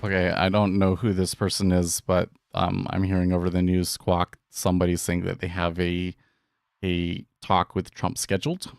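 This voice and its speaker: Man, deep voice, relaxed rambling trading chat, laughs a lot, faint music behind. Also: moderate pace, vocal fry, clear, resonant tone, no room sound. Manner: chatty, rambling, laughs often. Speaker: day trading streamer. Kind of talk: casual live trading commentary.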